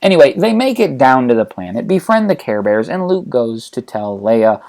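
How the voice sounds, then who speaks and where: Wry comedy narrator, lively pitch swings, casual retelling. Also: moderate pace. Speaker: channel host, narrator.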